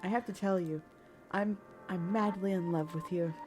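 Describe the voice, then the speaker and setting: A woman voicing an obsessive, lovestruck young woman in a visual novel, speaking low and unsettlingly calm. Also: normal speed, over music, close to an everyday voice. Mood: feverish, devoted. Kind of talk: reading game dialogue aloud.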